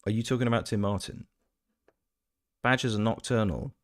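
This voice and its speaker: A man's voice: fairly low pitch, moderate pace, long pauses. A man chatting casually on a game stream, reading his chat aloud with playful, joking asides. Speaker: gaming streamer and voice actor.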